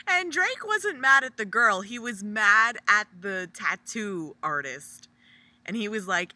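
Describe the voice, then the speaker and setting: A young woman vlogger delivering a profane, sarcastic comedic rant, jumping high for mocking asides. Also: animated, slow pace, long pauses, bright, forceful tone, dry recording. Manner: sarcastic, profane, jumpy pitch for mock quotes.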